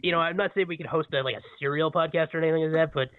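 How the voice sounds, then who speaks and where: A male podcast co-host chats from home in a rambling way, often stopping himself mid-thought and chuckling. His voice sits a little high. It comes through a thin, phone-like line that sounds dry. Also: steady tone, very fast, clean tone, no echo. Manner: rambling, self-interrupting, chuckling. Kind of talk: casual chat.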